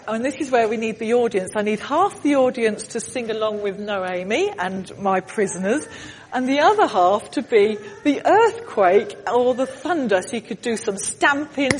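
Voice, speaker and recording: High-voiced woman leading a church story. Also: in a large hall, slight background noise. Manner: animated, directing the congregation. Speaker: children's talk leader. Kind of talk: storytelling with audience participation. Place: church hall.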